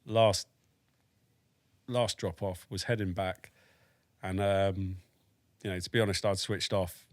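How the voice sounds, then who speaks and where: Speaking slowly in a low, steady voice, this British man of about forty recounts a story as a podcast guest. A former soldier, he is candid and matter-of-fact, mixing dry humour with swearing, and the recording has no room sound.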